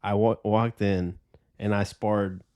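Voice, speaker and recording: A young man in his twenties chats on a podcast with a slightly low voice. He rambles through his stories in a loose, easygoing way and curses often. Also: flat delivery, slow, warm tone. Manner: loose storytelling with heavy cursing. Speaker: podcast host. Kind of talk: casual chat.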